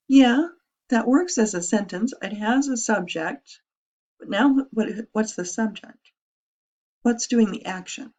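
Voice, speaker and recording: A woman teaching a grammar lesson, lively, explaining step by step and asking rhetorical questions. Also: on the high side, slow pace. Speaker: writing teacher.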